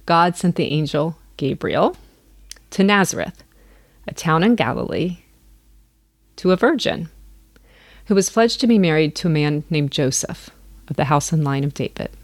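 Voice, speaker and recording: A woman vlogger reading scripture aloud in an unhurried, earnest way. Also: sits low, lively intonation, no room sound.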